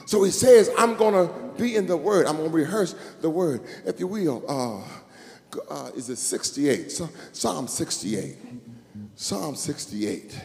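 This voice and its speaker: A man preaching a sermon as bishop, calling to the congregation and rising into sung shouts. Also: fairly high pitch, lively intonation, measured pace, creaky. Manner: call-and-response preaching, building to sung shouts. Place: church sanctuary. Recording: echoey church hall with music.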